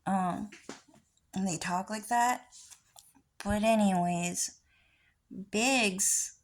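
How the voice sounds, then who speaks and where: A woman's voice: mid-range voice, slow, a little mellow. A woman vlogger talking in a rambling, casual monologue, often swearing.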